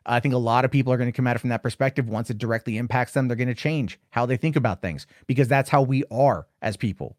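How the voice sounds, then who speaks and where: A man's voice: mid-range voice, fast talker, few pauses, a little mellow, no echo, clean studio sound. An American man in his thirties, hosting a casual debate chat and rambling with many hesitant restarts. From United States. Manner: rambling, hesitant, self-correcting.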